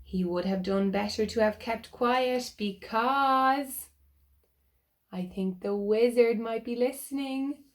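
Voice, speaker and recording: A woman reading a picture book aloud to children, animated and asking them questions. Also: fairly high pitch, takes it slowly. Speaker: children's storyteller.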